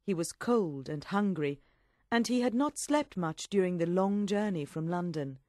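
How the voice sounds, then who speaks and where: A woman reading a story aloud in a clear, steady audiobook narration. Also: on the low side, unhurried, no echo, clean studio sound.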